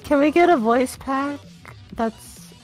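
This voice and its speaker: A woman's voice: high voice, takes it slowly, darkish tone, faint music behind, rough recording. A woman co-hosting a game studio stream in casual chat, giggly and jokey. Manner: giggly, jokey, laughs often.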